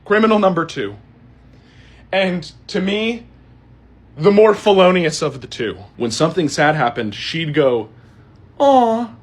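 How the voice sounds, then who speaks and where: A man's voice: a little high, unhurried, slightly rough. A man doing a comedic, exasperated rant to camera, with theatrical outbursts. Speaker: social media creator.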